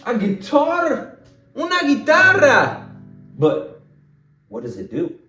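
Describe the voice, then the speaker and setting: Speaking straight to little learners, a male kids' language teacher uses a lively, singsong delivery with wildly leaping pitch and a slow, deliberate pace. The mic is far off in a reverberant room, and faint music plays behind him.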